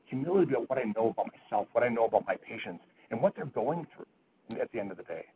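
A man's voice: mid-range voice, big pitch swings, fast talker, warm tone, a little hiss or hum, poor audio. A middle-aged man lecturing physicians at grand rounds, earnest, quoting literature, with frequent restarts. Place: lecture hall.

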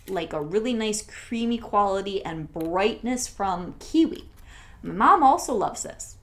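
A woman talking through a product haul in a casual vlog, gushing and chatty, sometimes dropping to a soft near-whisper. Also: medium pitch, slight background noise. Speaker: scent consultant and channel host.

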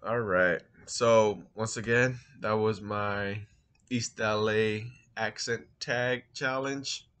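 A man's voice: on the low side, steady tone, slow pace, fairly bright tone, clear, resonant tone. A man in his thirties from East Los Angeles with an East LA accent, casually answering accent tag questions and thinking aloud, with a few Spanish words. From East Los Angeles, California. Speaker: vlogger.

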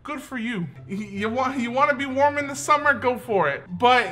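A man's voice: very high-pitched, normal speed, sharp tone. A young man giving comedic commentary on a reality-show clip, joking and often slipping into mock voices. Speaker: YouTube commentator.

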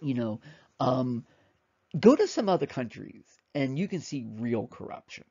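Male lecturer, casual classroom talk, gravelly voice, slightly muffled recording. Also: mid-range voice, sing-song, measured pace, a little mellow. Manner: conversational, emphatic, many fillers and repeats. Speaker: history lecturer.

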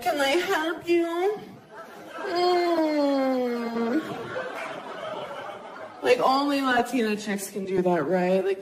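A woman in her thirties doing a self-mocking stand-up comedy set on a club stage, talking casually and jumping into high squeaky voices for the people she quotes. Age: 30s. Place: comedy club stage before a laughing audience. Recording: live club recording with crowd noise.

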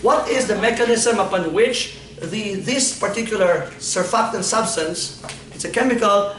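High-voiced playful male lecturer. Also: normal speed, a bit bright, a little hiss or hum. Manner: playful, quizzing students, frequent laughs. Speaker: anatomy lecturer. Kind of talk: classroom lecture. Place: classroom. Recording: echoey classroom from far off.

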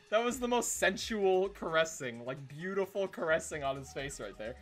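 A young man giving playful gameplay commentary, excitable and laughing as he plays with a friend. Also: high voice, moderate pace, faint music behind. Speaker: gaming YouTuber.

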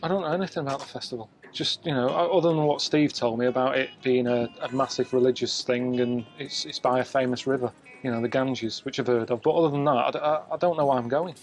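A man giving deadpan, complaining travel commentary, sounding weary and self-deprecating. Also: mid-range voice, fast talker, hardly any pauses, faint music behind, poor audio. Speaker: travel show subject.

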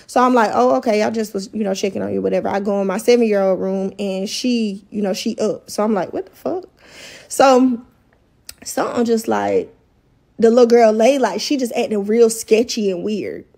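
Gravelly young woman ranting a story. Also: medium pitch, steady tone, mellow. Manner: heated, profane, fast-rising outrage. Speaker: storyteller in a viral clip. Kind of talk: casual storytime rant.

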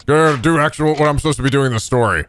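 A man with a fairly high voice talks very fast, with slight noise in the background. Playing through a video game as a let's play host, he swears a lot and hurls excitable, mock-angry trash talk.

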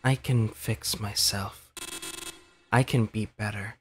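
A man's voice: lowish voice, fairly even intonation, takes it slowly, background noise. A man reading the lines of a despairing, self-loathing character in a game, weary and bitter, with bursts of swearing. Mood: despondent. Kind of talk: reading game dialogue aloud. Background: game music.

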